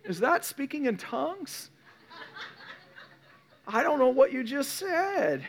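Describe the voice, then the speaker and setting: A bewildered old grandmother, as a preacher puts her on, exclaiming in confusion. The voice rides well above his usual register, yet stays soft and hushed. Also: extremely high pitch, very animated, takes it slowly, pitched above the performer's own voice, full character voice. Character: puzzled elderly grandmother.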